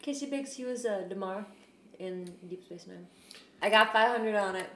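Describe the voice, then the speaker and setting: A woman hosting a casual chat, telling profane, animated stories about meeting celebrities. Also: medium pitch, normal speed. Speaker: podcast host. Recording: echoey room, faint noise.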